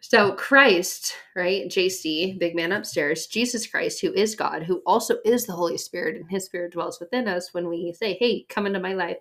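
A young woman hosting a faith podcast, chatty and animated, a little short of breath from her pregnancy. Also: on the low side, moderate pace, hardly any pauses. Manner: chatty, animated, acts out quoted voices. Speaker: podcast host.

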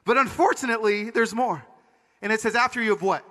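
Bright-voiced man preaching in a reverberant hall. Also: sits high, fast talker. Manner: dramatic storytelling, swings from loud to hushed. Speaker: conference speaker. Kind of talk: personal testimony sermon. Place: large hall before an audience.

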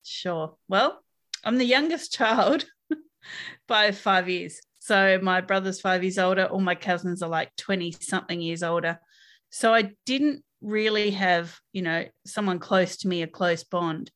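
A woman's voice: fairly low pitch, unhurried, fairly bright tone. A woman with an Australian accent, a podcast guest, answering interview questions in a frank, upbeat way with small laughs.

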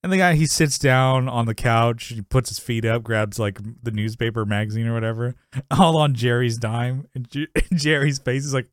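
Male podcast co-host, chatty and rambling, quick to laugh, mid-pitched, dry studio sound. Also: fairly even intonation, no echo. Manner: rambling, laughs often, acts out quotes. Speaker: podcast co-host recapping a sitcom episode. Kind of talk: casual chat.

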